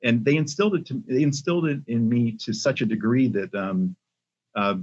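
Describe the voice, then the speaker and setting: Older ceo guy on a podcast, husky voice, talks slow with lots of ums, sound kinda muffled. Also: medium pitch. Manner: measured, many ums and restarts. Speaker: podcast guest, company CEO. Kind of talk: casual interview talk. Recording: muffled lo-fi audio.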